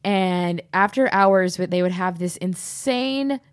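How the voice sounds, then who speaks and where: A woman's voice: lowish voice, takes it slowly, clear, resonant tone, no room sound. Woman podcast host, young adult, casual chat, giggly storyteller, dry close sound. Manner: storytelling, giggly, does silly voices.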